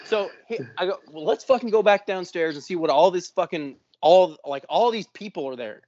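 A man with a slightly high voice tells a long story in casual podcast chat, cursing freely and acting out what everyone said. The sound is dry and a little dull, like a close room mic with limited fidelity. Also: moderate pace, no room sound. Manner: profane, animated, acts out quotes. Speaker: podcast co-host.

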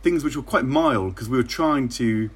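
A middle-aged man from England, a former minister, telling wry, measured stories in an interview. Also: medium pitch, breathy edge. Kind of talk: relaxed interview anecdotes.

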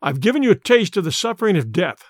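A man's voice: high voice, sing-song, fast talker, dry recording. Storybook hero: a powerful, cold, threatening man, voiced by a male reader; dry, close. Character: powerful wild-raised man, cold and deadly.

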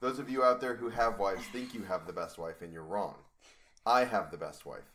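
A man's voice: low-pitched, moderate pace, fairly bright tone. A man reading a classic novel aloud in a home recording studio, swearing and grumbling at his own mistakes. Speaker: audiobook co-narrator. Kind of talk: reading aloud and bantering between takes.

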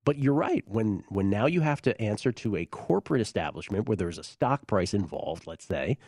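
Betting-show host, male, animated delivery with wide pitch swings, dry studio sound. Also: dry recording. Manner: lively, quick, laughs often. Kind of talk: casual studio conversation.

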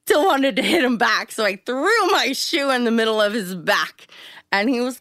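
Animated woman telling a story. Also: moderate pace, dry recording, studio quality. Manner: animated, acts out quotes with big pitch jumps. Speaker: interview guest. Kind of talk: casual storytelling.

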